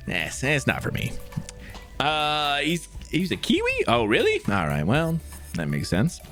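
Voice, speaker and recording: A man's voice: on the high side, huge pitch swings, slow, long pauses, a bit bright, soft background music. A man reacting casually to gaming news on a live stream, rambling, swearing and talking to his chat.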